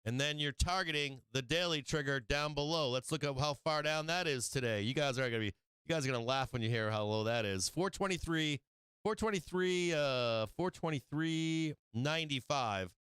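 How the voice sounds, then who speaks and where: Man, live stock market host, brash, excitable, swearing, smooth resonant voice, dry close sound. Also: fairly high pitch, normal speed, no room sound. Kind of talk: live-stream chart analysis.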